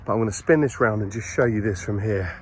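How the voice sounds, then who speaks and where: A man's voice: fairly low pitch, quick pace, slight background noise. A man filming a casual walking vlog on a hilltop, out of breath, chatty and rambling, poking fun at himself. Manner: chatty, rambling, self-mocking. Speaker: vlogger exploring a historic site. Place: outdoors on a hilltop by a graveyard. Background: birdsong.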